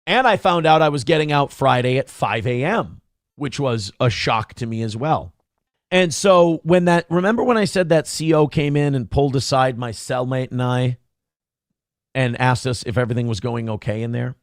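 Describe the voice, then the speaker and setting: A man hosting a podcast, telling a story in casual, animated chat and slipping into other people's voices when he quotes them. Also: medium pitch, normal speed, no echo, studio quality.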